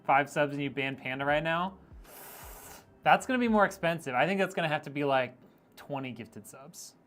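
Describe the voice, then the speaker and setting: A man's voice: a little high, lively intonation, normal speed, fairly bright tone, slight background noise. A man streaming a PC build, chatting casually and reading viewer comments aloud with a joking, teasing manner and frequent laughs.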